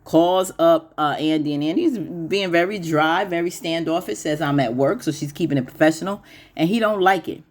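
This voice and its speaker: A woman hosting a casual TV recap, chatty and opinionated, laughing often and pitching her voice up to mimic the characters. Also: normal speed. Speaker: YouTube TV recap host.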